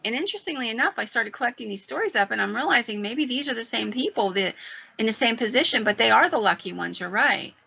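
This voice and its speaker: Woman podcast host, paranormal storyteller; gravelly, lo-fi. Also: on the high side, fast talker. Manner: animated retelling of a story. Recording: dull lo-fi sound.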